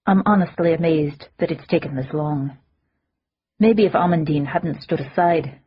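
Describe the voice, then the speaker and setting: Weary male fae duke voiced by a woman, lowered voice, husky, measured, muffled audiobook audio.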